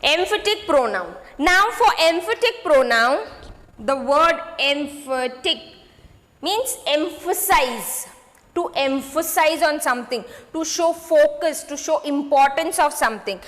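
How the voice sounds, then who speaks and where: A woman teaching a grade six grammar lesson, repeating points slowly and checking in with students. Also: high-pitched, lively intonation, fairly bright tone, big-room sound. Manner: slow, repetitive, addresses students with "okay?" checks.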